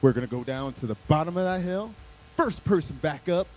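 A man's voice: a little high, lively intonation, brisk, darkish tone, slight background noise, voice pushed down, lightly acted, low-quality recording. A man voicing his cocky older teenage brother, boastful and teasing. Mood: bossy.

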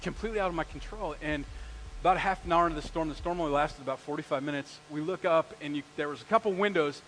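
A middle-aged man, preaching a sermon and telling a story with lively, acted-out quoted lines. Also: fairly high pitch, fast, a little hiss or hum, low-quality recording. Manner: animated, acts out quoted lines with big swings in loudness. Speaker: pastor.

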